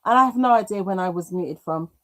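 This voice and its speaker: A British woman hosting a craft livestream, chatting casually and reading comments aloud, self-mocking and quick to laugh, with an occasional cough. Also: medium pitch. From United Kingdom. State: coughing now and then.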